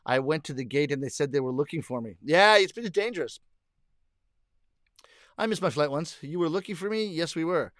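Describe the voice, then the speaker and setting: A middle-aged man with a fairly high voice hosts a casual livestream, reading out viewer comments and answering them with easy laughs. The sound is close and dry, with no room around it. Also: animated, brisk, fairly bright tone, no echo. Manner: chatty, laughs often, reads comments aloud and answers them.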